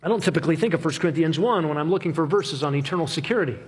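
A man preaching an expository sermon, emphatic, with rhythmic repetition and slow, stressed phrases. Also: fairly high pitch, a little hiss or hum.

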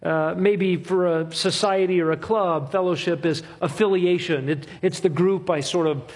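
A man preaching an expository sermon, emphatic, with rhythmic repetition and slow, stressed phrases. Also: high-pitched, steady tone.

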